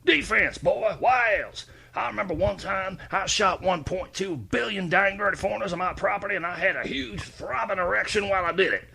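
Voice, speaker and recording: A man voicing a loud, bigoted Texan author who brags and insults everyone, with a gravelly drawl. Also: high-pitched, fairly quick, few pauses, slight background noise, full character voice. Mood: boastful. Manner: brash, hollering.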